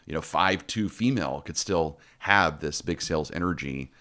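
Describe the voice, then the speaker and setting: A man's voice: very deep voice, normal speed, pushed and bright. A middle-aged man hosting a casual podcast chat, telling stories with many restarts and repeated words. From Texas. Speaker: podcast host.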